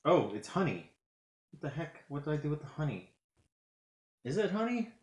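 A man's voice: a little high, very animated, normal speed, echoey room. A man doing a casual food review vlog at home, rambling and hesitant, with lots of fillers, talking while he eats. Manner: talks while eating. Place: home kitchen.

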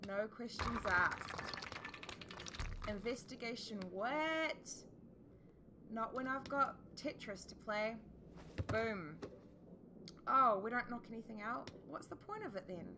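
A woman's voice: fairly high pitch, expressive, slow, long pauses, noisy background. A woman with a New Zealand accent, chatting and joking as she plays through a video game. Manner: chatty, swears, jokes at the screen. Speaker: let's play host. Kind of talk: casual gameplay commentary.

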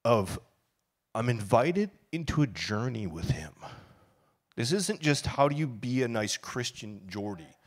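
A man preaching a sermon as pastor, telling his story casually and confessionally, then building up to loud, fervent preaching. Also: mid-range voice. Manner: storytelling, grows loud and fervent, acts out quoted shouts; casual and confessional, with laughs and sighs.

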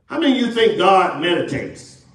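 Very animated and a bit bright, his high voice moves at a moderate pace as this Texan pastor preaches in an echoey sanctuary, heard from a distance. He engages the congregation call-and-response style, asking questions and acting out what the story's people said.

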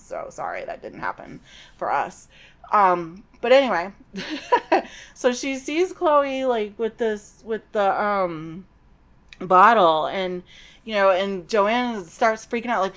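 A middle-aged woman hosting a podcast, giving a chatty, digressive recap of a novel with personal asides. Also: medium pitch. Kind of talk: casual book recap.

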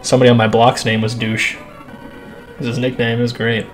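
A winded man talks over a game he is playing, cursing freely and letting out long sighs. His voice sits at an ordinary middle pitch. Clear game music runs underneath him. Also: little pitch movement, moderate pace, long pauses. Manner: profane, crass, sighing often. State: out of breath. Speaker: gaming channel host. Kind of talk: let's play commentary.

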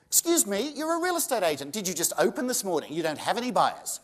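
A man's voice: high voice, very animated, fast talker. An Australian man giving a live seminar to an audience, combative and sarcastic, firing off rhetorical questions. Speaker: seminar presenter.

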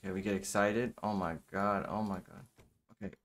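A man's voice: fairly low pitch, fairly even intonation, a little fast, a bit bright. Rambling man doing game commentary. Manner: rambling, filler-heavy, lots of "okay". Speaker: gameplay commentator. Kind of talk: casual let's-play commentary.

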